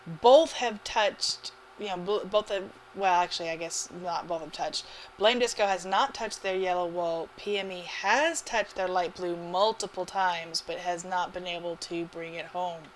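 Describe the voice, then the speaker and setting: A woman giving live commentary on an online game match, chatty and quick to laugh. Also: on the low side, poor audio. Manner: chatty, laughs often, excitable. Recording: faint background noise.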